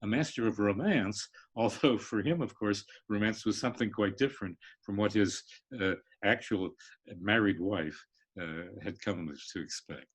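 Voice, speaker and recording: Older male professor, husky tone, rambling lecture delivery with many fillers. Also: fairly low pitch. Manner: halting, many fillers and restarts, sings rhythms. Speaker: literature professor. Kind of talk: lecture-style discussion. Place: online live stream.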